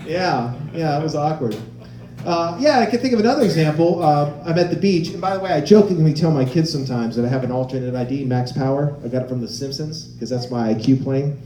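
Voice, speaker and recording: A man in his forties performing stand-up comedy, telling stories in an animated way and acting out the voices of people he quotes. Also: fairly high pitch, a little fast, soft background music. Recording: roomy live-venue sound.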